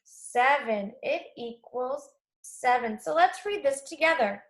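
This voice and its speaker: A woman teaching a math lesson to young children, speaking slowly and clearly, asking questions and then answering them herself. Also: high-pitched, expressive. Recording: echoey room.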